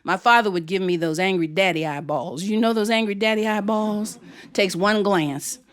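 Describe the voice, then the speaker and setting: A woman storyteller telling a story in an animated, expressive way with frequent chuckles. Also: mid-range voice, normal speed.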